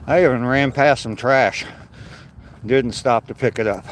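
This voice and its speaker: A man's voice: mid-range voice, slow pace, slight background noise. An older man vlogging casually while walking an outdoor woodland trail, joking, chuckling and greeting passersby, recorded on a phone. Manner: chatty, jokey, chuckles often, talks to passersby.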